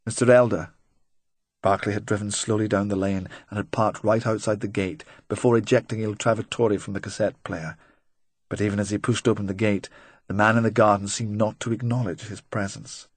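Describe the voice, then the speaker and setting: A man narrating a crime novel in a measured, even reading. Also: lowish voice, husky, no echo. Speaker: audiobook narrator. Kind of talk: scripted narration.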